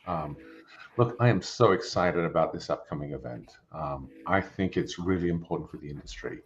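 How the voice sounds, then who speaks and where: Deep-voiced older Englishman, muffled audio. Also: moderate pace. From England. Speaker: company founder and chairman. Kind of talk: webinar introduction. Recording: muffled lo-fi audio with faint noise.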